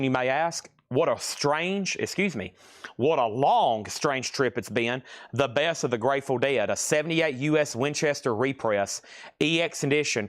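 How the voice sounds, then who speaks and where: Male auction host, mid pitch, dry close sound, quick price-calling patter. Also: no room sound. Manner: rattles off titles and prices, calls bids going once, going twice. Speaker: live sale host. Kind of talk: live-stream record auction patter. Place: record shop.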